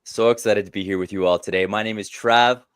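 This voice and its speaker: A man's voice: on the low side, steady tone, fast talker, a bit bright, clean tone, dry recording. A man hosting a panel discussion, welcoming each guest with effusive enthusiasm. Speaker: host.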